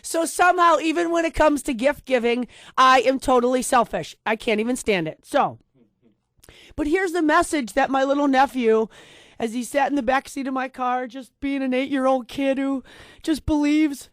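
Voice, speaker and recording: A woman's voice: sits high, moderate pace, dry recording, clean studio sound. A middle-aged woman hosting a talk show, speaking in an emotional, rambling and self-deprecating way to her co-host.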